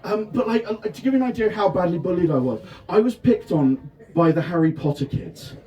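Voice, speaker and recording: A man in his thirties from Devon performing a self-deprecating stand-up set at a festival tent, often shouting his punchlines. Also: high-pitched, lively intonation, fairly quick, distant mic. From England (Devon). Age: 30s. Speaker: stand-up comedian. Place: festival tent with a live audience.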